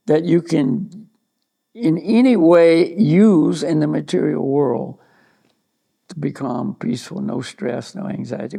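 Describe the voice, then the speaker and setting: A man giving a relaxed talk on staying calm, telling a rambling anecdote full of "you know" asides. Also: a little high, vocal fry.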